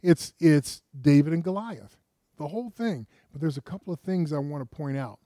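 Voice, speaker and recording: Mellow-voiced preacher man, dry sound. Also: a little high, animated, moderate pace, no room sound. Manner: conversational storytelling with rhetorical questions; frequent restarts, rises with emphasis. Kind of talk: sermon.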